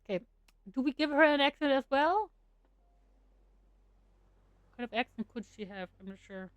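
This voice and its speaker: Woman gamer, fairly high and clear, dry close mic, chatty commentary. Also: animated, normal speed, long pauses, no room sound, dull audio. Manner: chatty, reacts with exclamations and laughs. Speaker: gaming streamer. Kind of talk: playthrough commentary and reading game dialogue aloud.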